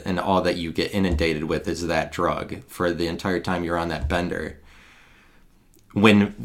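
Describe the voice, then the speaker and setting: A man from the American Midwest giving a rambling, digressive solo monologue into a handheld recorder, halting and sardonic by turns. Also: deep voice.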